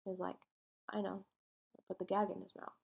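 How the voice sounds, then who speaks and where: A woman's voice: medium pitch, level tone, brisk, gravelly, darkish tone, breathy edge. A woman co-hosting a podcast, casually retelling a true-crime case and acting out its dialogue in informal speech. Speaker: podcast co-host telling a case.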